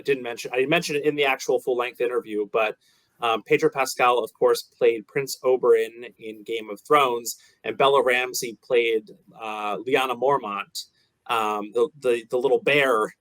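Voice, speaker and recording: A male TV host who chats loosely, with plenty of ums and restarts. His voice is dry and close, at a middling pitch. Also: steady tone, moderate pace, a bit bright, no room sound, rough recording. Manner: chatty, with frequent fillers. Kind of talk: entertainment interview and show narration.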